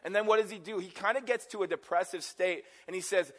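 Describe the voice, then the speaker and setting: A man's voice: sits high, fast, fairly bright tone. A middle-aged man preaching a sermon, his voice sitting a little above the usual male range. He talks to his congregation in a loose, conversational way and often stops to ask them questions. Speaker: pastor.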